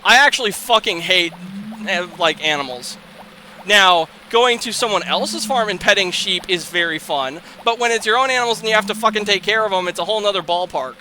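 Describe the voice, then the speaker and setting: A man's voice: high-pitched, brisk, a little hiss or hum. A young man casually commentating on a farming game, rambling and swearing, tipping into exasperated outbursts and laughter. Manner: rambling, profane, swings into exasperated shouting and laughter. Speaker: let's play host.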